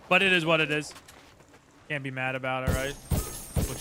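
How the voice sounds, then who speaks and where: A man's voice: on the high side, moderate pace, background noise. A man streaming a game live, chatting casually and greeting viewers by name, with faint music behind.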